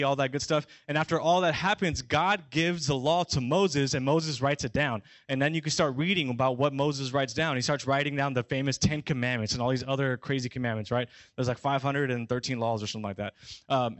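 A young man preaches in a relaxed, chatty way, tossing in "right?" over and over and putting on the voices of puzzled listeners. His voice sits in a middle pitch, and it is recorded close and dry, with no room sound. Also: dry recording. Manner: conversational, keeps asking "right?", acts out listeners' reactions. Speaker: pastor. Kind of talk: casual sermon.

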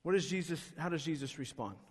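A man's voice: on the high side, expressive, fast talker, slightly rough. A male pastor preaching a sermon, emphatic, pressing his listeners with rhetorical questions. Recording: long reverb of a hall.

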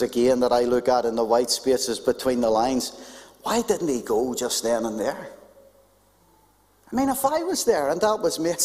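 A male pastor delivers a lively, conversational sermon in a church. His voice sits somewhat high for a man, and a long hall reverb trails each phrase. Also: unhurried, pauses often. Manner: animated, conversational preaching with humor.

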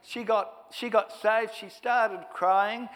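A man's voice: sits high, steady tone, slow pace, a bit bright, long reverb tail. A man telling a rambling, self-deprecating testimony as a guest evangelist in a church. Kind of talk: storytelling testimony.

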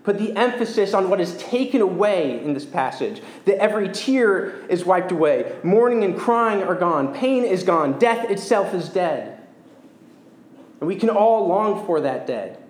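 A man preaching a sermon as pastor, earnest and measured, slowing down to stress key words. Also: high voice, very animated, darkish tone. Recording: echoey church room.

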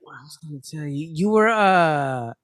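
A man's voice: a little high, animated, moderate pace, fairly bright tone, dry recording, clean studio sound. A man ribbing his friends in a casual podcast chat, teasing them about their childhoods. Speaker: podcast co-host.

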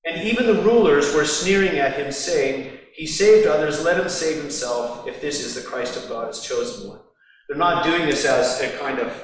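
A pastor preaches a sermon in a large echoing hall, captured by a distant mic amid heavy reverberation. His voice is a little high and moderately paced, and he acts out the mockers' lines with sarcasm.

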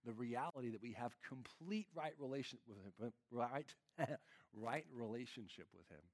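A male pastor delivering a casual, conversational sermon. He is earnest and loose, with frequent fillers and a voice of ordinary pitch for a man. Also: normal speed. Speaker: lead pastor.

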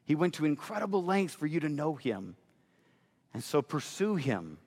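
A man's voice: a little high, very animated, normal speed, a little mellow. Preaching man in a reverberant hall. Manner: preaching with rising emphasis and mock voices. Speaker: pastor. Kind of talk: sermon.

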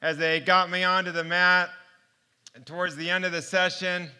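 A man shares a heartfelt personal testimony as a sermon, telling it in an animated storytelling way. His voice is fairly high and very bright. It sounds smooth and clear throughout. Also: normal speed. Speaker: preacher giving a testimony.

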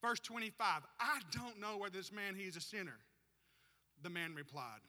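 A man preaching a sermon in a church, animated and rising to shouts to stir the congregation. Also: high voice, moderate pace. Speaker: pastor. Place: church sanctuary. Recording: long hall reverb.

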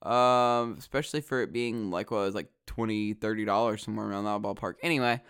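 A young man with a drawl rambles through a casual vlog, swearing freely and padding his talk with ums and likes. His voice is smooth and resonant and sits at an ordinary middle pitch. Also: moderate pace, fairly bright tone. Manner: swears a lot, rambling with many fillers. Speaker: vlogger.

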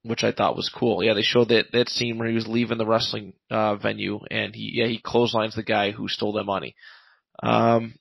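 A man with a gravelly, fry-edged voice talks through a comic plot in a loose, rambling way, stopping often on ums and uhs. He sounds close and dry, with no room around him. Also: fairly low pitch, level tone, brisk, dry recording, dull audio. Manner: rambling recap full of fillers, paraphrasing lines. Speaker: podcast co-host reviewing comics. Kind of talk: casual chat recapping a comic.

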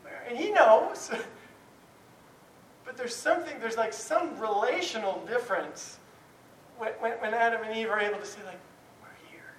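A man's voice: extremely high pitch, moderate pace, pauses often. A man who teaches Bible, giving an informal talk to a class in a candid, chatty way with frequent chuckles and restarts. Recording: roomy, distant mic, faint background noise.

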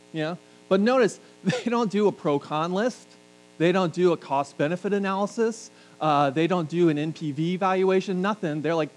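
A man's voice: high voice, poor audio. Joking, conversational male preacher. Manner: conversational, joking asides to the congregation. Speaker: pastor. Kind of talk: sermon. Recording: faint mains hum.

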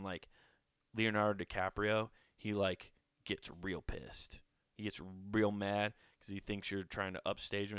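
A man's voice: lowish voice, fairly bright tone, smooth, dry recording, clean studio sound. Rambling, swearing male podcast host. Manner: rambling, swearing, self-mocking. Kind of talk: casual podcast monologue.

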